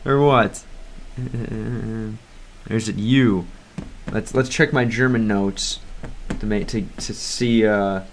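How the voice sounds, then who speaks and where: An American man streaming a game, chatting in a rambling, hesitant way and sounding out foreign words as he goes. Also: medium pitch. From United States. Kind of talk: livestream gameplay chat.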